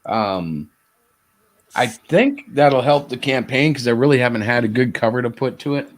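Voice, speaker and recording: A man's voice: mid-range voice, lively intonation, moderate pace. A man hosting a live stream, chatting casually over a video call and chuckling often. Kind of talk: casual chat.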